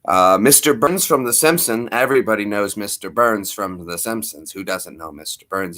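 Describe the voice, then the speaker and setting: Casting: male streamer, low voice, animated sing-song delivery, rambling. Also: normal speed, hardly any pauses. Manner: rambling, chatty, repeats himself. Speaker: live streamer. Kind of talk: casual live-stream chat.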